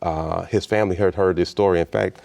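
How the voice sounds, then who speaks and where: Deep-voiced guy in his 60s from chicago, lots of fry, telling his story in an interview and acting out everyone in it. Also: steady tone, a little fast, darkish tone. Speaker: interview guest, state official. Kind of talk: personal storytelling in a conversational interview.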